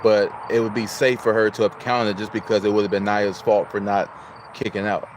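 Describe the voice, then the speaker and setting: There's background noise as this Illinois man hosts a casual livestream, greeting viewers, chatting and reading out their messages. He speaks at a normal speed in a lowish, level-toned voice, and he's from the United States.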